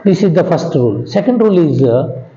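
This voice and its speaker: A man with an Indian English accent gives a patient classroom lecture in a high, mellow voice. He talks slowly, repeats his points, and keeps checking that his students understand. The sound is echoey and dull, like a lo-fi recording in a bare room. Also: very animated, a little hiss or hum. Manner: slow and repetitive, checks in with "understand?"; drops pitch at the ends of sentences. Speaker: English grammar teacher.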